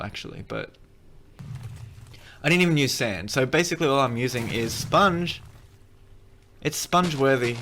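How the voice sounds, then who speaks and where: A man's voice: medium pitch, a bit bright, a little hiss or hum. A man giving a casual, rambling game tutorial, cracking jokes and correcting himself as he plays. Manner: rambling, joking, self-correcting. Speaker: gaming video creator.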